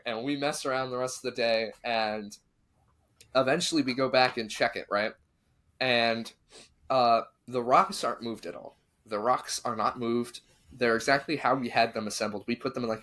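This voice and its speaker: A man hosting a podcast, telling a spooky story in casual chat and acting out what the people in it said. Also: medium pitch. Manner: animated, acts out quotes of the people in his story.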